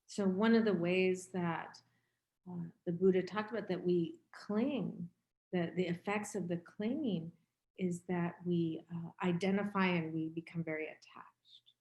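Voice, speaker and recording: A woman in her fifties gives a dharma talk in a candid, reflective, conversational way. Her voice sits a little low, and the recording carries a roomy echo around her. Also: a little slow, a little mellow. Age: 50s. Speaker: meditation teacher.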